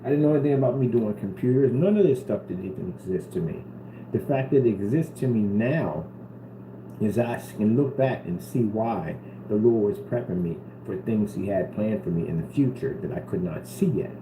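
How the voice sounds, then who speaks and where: Earnest rambling man, fairly low voice, roomy room with background hum. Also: moderate pace. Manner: earnest and rambling, repeats himself. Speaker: vlogger. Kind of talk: casual talk to camera. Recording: roomy with steady background noise.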